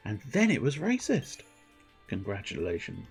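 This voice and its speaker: A man's voice: fairly low pitch, moderate pace, faint music behind. A man streaming a video game, chatting casually with viewers in a rambling, self-mocking way. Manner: rambling, self-mocking, breaks into silly voices. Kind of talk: casual live game commentary.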